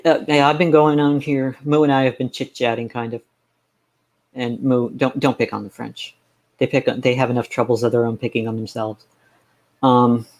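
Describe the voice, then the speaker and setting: A man's voice: medium pitch, darkish tone. A man chatting casually on a live stream, ranting sarcastically and rambling with frequent restarts. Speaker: game streamer.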